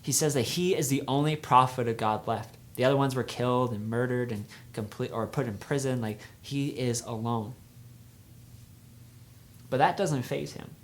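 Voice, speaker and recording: A man's voice: medium pitch, normal speed. Young male youth speaker, casual storytelling sermon, energy rising and dropping. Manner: conversational storytelling, swings from energetic to hushed.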